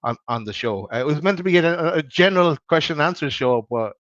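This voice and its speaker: A man's voice: fairly high pitch, lively intonation, fast talker, fairly bright tone, no echo. A man co-hosting a live football fan stream, chatting casually with hesitant restarts. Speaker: football podcast co-host. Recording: dry, dull lo-fi stream audio.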